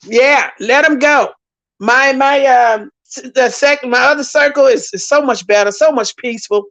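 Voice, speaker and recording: A woman with a high, somewhat bright voice hosts a casual livestream at a moderate pace. She reads out viewer comments and talks a lot, repeating herself for emphasis.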